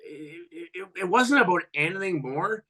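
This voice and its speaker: A man in his fifties, a former pro hockey player, telling profane locker-room stories as a podcast guest and loudly acting out what people said. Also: sits high, unhurried. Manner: animated, profane, acts out quotes loudly. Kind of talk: storytelling in a podcast interview.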